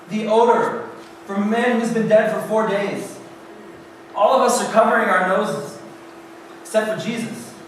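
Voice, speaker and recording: A youth pastor with a high voice preaches, retelling a story in the first person and swinging from hushed to loud. He's recorded from a distance across a very echoey hall, with a faint hiss behind him.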